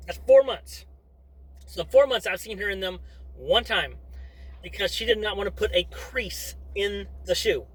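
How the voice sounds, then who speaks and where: Over a rough recording, a middle-aged vlogger who is also a father chats casually to the camera, wandering off topic into asides. His voice sits high, sounding bright and forceful.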